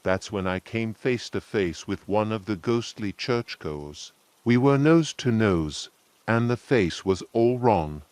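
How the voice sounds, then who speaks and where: Male narrator for first-person horror tales: unhurried, lowish voice, dry close sound. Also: expressive, darkish tone, no room sound. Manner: slow, measured storytelling.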